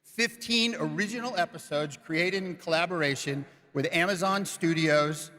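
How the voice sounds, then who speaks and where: Excited man presenting on an echoey stage. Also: fairly high pitch, normal speed. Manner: emotional, excited. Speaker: film director presenting a series.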